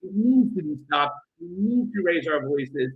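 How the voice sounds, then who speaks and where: Male co-host, heated rapid rant, high voice, muffled recording. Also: lively intonation. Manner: heated, rapid, ranting delivery. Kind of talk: political commentary show.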